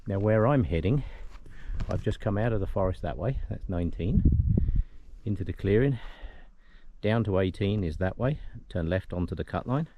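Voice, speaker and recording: A man's voice: low voice, expressive, moderate pace, dull audio, a little hiss or hum. A man filming himself outdoors on a mountain trail, chatting casually as he walks and gives directions. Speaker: trail volunteer vlogger. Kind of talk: casual walking narration. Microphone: handheld camera, filming while walking.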